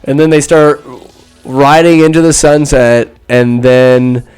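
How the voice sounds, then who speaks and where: A man hosting a podcast, telling a movie recap in a rambling, animated way and acting out the characters' lines. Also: mid-range voice, takes it slowly, clear, resonant tone. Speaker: podcast host. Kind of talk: casual solo movie recap.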